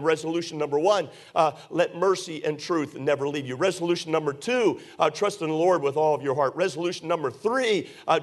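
A man preaching a sermon as pastor, earnest and repetitive, with many rhetorical questions and frequent "uh". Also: on the high side.

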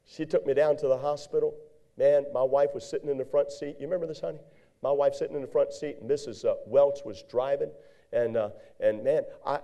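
Gravelly, dark-voiced man preaching. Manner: animated storytelling with sudden high-pitched outbursts. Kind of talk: storytelling sermon.

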